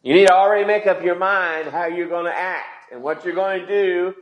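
A man's voice: high-pitched, fairly even intonation, normal speed, lo-fi sound. A man preaching a sermon in a conversational way, asking the congregation questions as he goes. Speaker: pastor. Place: church sanctuary. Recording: echoey church hall.

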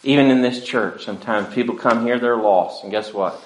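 Male pastor, mid pitch, pleading sermon delivery, roomy church echo. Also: moderate pace, slight background noise. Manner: earnest, pleading preaching with wide swings in loudness.

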